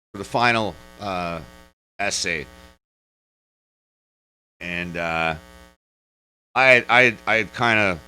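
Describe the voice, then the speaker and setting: A man's voice: lowish voice, sharp tone, clear, resonant tone, low-quality recording. A man, ranting casually in a vlog in a rambling, profane way that is full of restarts and digressions. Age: 40s. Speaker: vlogger. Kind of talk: casual rant.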